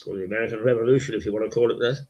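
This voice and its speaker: An older man, a local TV host, rambles through a casual monologue on a local webcast, his croaky, gravelly voice slow and halting with many fillers and repeats. His pitch sits on the low side with a darkish tone. The webcast audio is dull and lo-fi.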